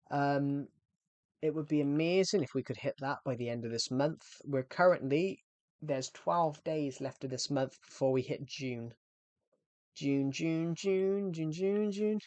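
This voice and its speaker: A man's voice: a little high, darkish tone, no echo. A young man, chatting casually with his viewers during a livestream and often repeating himself. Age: 20s. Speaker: game streamer.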